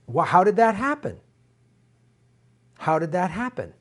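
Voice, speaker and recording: A middle-aged man hosting a political live stream rants furiously at his viewers, speaking to them directly with heavy profanity and constant repetition. His high-pitched voice is very animated, and he talks a little slowly.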